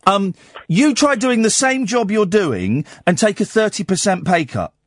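A man hosts a late-night radio phone-in, his voice sitting high and swinging widely as he teases and needles callers. The sound is close and dry on a studio microphone. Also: unhurried, no echo. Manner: animated, teasing and sarcastic. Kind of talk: casual phone-in banter.

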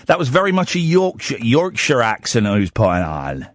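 A man's voice: medium pitch, wildly swooping pitch, normal speed, dry recording. A man hosting a late-night radio phone-in from a studio, talking with callers in a teasing, sarcastic way. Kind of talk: casual phone-in banter. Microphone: studio microphone.

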